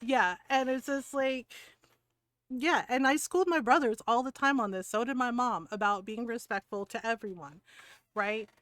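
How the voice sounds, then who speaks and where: A woman's voice: on the high side, moderate pace, no room sound. A woman in her forties streaming a game and chatting casually, telling stories with lots of swearing and a constant "right?". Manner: profane, animated, keeps asking "right?". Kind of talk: casual storytelling chat.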